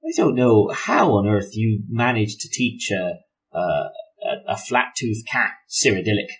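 A kind, reasonable traveller with a lowish voice, played by a man. He rambles politely, with plenty of fillers and restarts. It is a character in a tabletop role-play. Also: expressive, a little slow. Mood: friendly.

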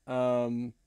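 A hoarse man hosting a casual live stream, chatting in a rambling way and laughing often. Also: medium pitch, darkish tone, dry recording. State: hoarse from long talking.

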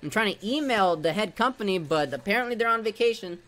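A man's voice: sits high, animated, quick pace, a bit bright. Angry, profane man venting on stream. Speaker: gaming streamer. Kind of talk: live-stream rant.

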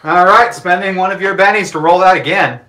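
A man narrates a live tabletop game as game master, his voice bright and somewhat high for a man. He talks casually, thinks aloud over the dice and laughs often. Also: a little fast.

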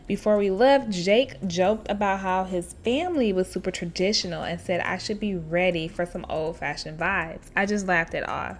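A woman hosting a show where she reads online stories aloud and reacts to them in an expressive, chatty way, laughing often and talking straight to her listeners. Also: on the low side, normal speed, hardly any pauses, a little hiss or hum. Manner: chatty, addresses listeners directly. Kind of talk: casual storytelling with commentary.

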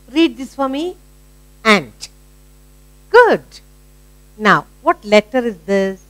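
Woman with an Indian English accent, children's phonics teacher, unhurried and very dry close sound. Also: a little high, no room sound. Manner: asks questions and praises the listener; sounds out letters slowly.

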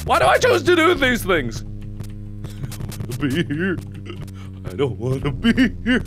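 A man giving excitable, panicky horror game commentary, often yelling and mocking himself as he talks to himself. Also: sits high, unhurried, long pauses, music in the background. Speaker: let's-play host.

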